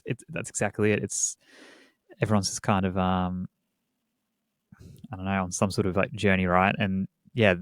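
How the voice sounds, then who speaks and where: A man's voice: on the low side, a bit bright, no room sound. A young man, a podcast host appearing as a guest, talks casually and hesitantly with a lot of fillers. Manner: hesitant, many fillers, agreeable. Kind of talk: casual interview chat.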